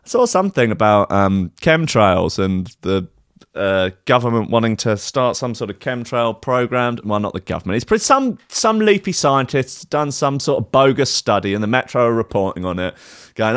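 A man's voice: medium pitch, very animated, normal speed, a bit bright, smooth, no echo. Brief: male comic host, mocking and sweary, dry close-up sound. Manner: sweary, mocking, laughs often. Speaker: comedy host. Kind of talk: comedic news commentary.

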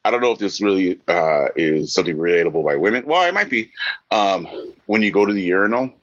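A man in casual podcast banter, laughing often and tossing in quick jokes. His voice is bright and forward, and his pitch swings widely. He calls his cohost bro and dude. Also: lively intonation, muffled recording. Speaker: podcast co-host. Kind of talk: casual chat.

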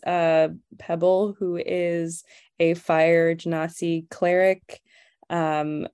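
A woman playing a tabletop game, describing her character in a halting way with many fillers. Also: lowish voice, darkish tone, clean tone, dry recording, studio quality. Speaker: player.

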